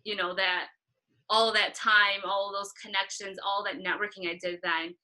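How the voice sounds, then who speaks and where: Bright-voiced woman telling animated stories. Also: normal speed, low-quality recording. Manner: animated storytelling, acting out past dialogue in a higher voice. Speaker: concert photographer guest. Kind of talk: conversational interview.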